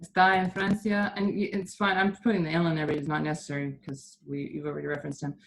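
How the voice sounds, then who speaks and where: A woman's voice: low-pitched, little pitch movement, fast, creaky. A woman teaching a Spanish class, patiently explaining grammar step by step.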